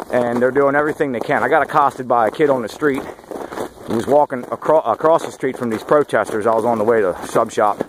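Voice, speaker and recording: A man in his late forties giving a casual vlog update on a morning hike, blunt, sarcastic and opinionated. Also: medium pitch. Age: late 40s. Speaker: campaign volunteer vlogger. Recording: outdoor noise with passing traffic.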